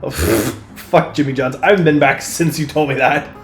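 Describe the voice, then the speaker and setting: A woman with an extremely low voice chats bluntly as podcast co-host and swears freely. The room sounds echoey, and faint music plays behind her. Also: moderate pace. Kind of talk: casual chat.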